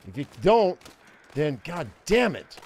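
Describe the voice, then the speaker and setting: A man's voice: a little high, very animated, slow pace, darkish tone, a little hiss or hum. An older man giving casual, profane gameplay commentary, ranting and rambling with frequent restarts. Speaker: gaming streamer.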